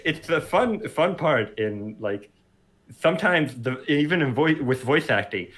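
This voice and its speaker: A man's voice: fairly high pitch, lively intonation, a little slow, fairly bright tone. A man co-hosting a podcast, rambling casually with many fillers. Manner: rambling, lots of "like" and "uh". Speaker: co-host.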